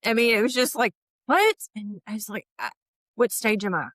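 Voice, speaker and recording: A woman's voice: medium pitch, fairly quick, dry recording. A woman in her fifties, a podcast guest, telling her story candidly and acting out the voices in it. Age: 50s. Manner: animated, acts out quoted voices.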